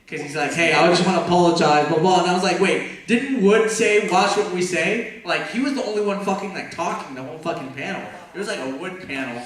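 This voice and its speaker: A man's voice: sits high, fairly quick, few pauses, a bit bright. Profane man in an echoey hall. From Texas. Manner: profane, laughing often. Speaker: convention panel host. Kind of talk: casual storytelling on a panel. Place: convention hall before an audience. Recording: echoey hall, mic far off, crowd.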